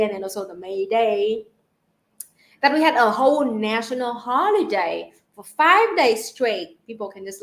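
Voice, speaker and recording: A woman with a Vietnamese accent hosts a relaxed livestream chat. Her voice sits a little high, and she often repeats words while searching for the next one. She breaks into frequent laughs. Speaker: livestream host.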